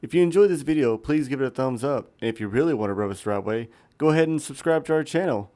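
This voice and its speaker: A man's voice: medium pitch, animated, quick pace, a little mellow. A young man co-hosting, improvising a story in a rambling way and repeating 'he goes' as he talks. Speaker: co-host and storyteller. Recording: distant mic in echoey room, faint noise.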